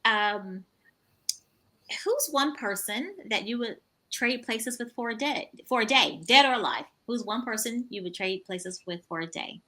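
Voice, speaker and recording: A woman's voice: a little high, expressive, measured pace, pushed and bright. A woman hosting a podcast interview, affirming her guest with many short responses. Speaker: podcast host.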